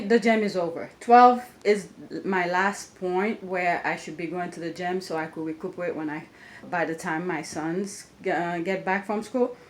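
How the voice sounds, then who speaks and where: A woman, a mother, talking through her day in a casual vlog at home, rambling with fillers and restarts. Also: on the low side. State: out of breath after climbing stairs. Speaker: vlogger, mother.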